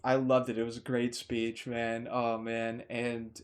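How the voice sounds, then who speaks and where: A man giving a casual, rambling movie review indoors, gushing with excitement and cutting off his own sentences to restart them. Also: mid-range voice, measured pace. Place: indoors, warm room.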